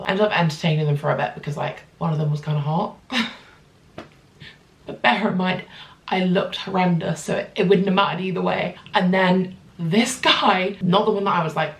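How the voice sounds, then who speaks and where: A young British woman tells a casual storytime in a low, gravelly voice full of "like"s and quick asides. Her voice rings in an echoey room. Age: 20s. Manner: chatty, animated storytelling with frequent fillers. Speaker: vlogger.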